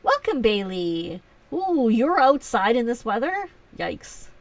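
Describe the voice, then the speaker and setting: A woman's voice: on the high side, very animated, slow pace, dry recording, recorded from a distance. A woman hosting a live stream, chatting casually with viewers and teasing herself, with frequent laughs. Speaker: livestream host.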